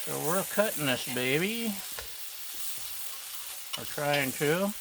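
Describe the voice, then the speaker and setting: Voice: medium pitch, animated, slow. A home cook vlogger giving playful, chatty cooking commentary outdoors, talking to the dogs now and then. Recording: loud sizzling griddle noise behind.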